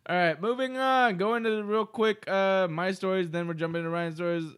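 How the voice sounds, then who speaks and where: A man's voice: high-pitched, steady tone, moderate pace, fairly bright tone, clear, resonant tone. A young man co-hosting a casual podcast, loose and tipsy, swearing and laughing as he chats. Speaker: podcast co-host. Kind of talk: casual drinking-podcast banter.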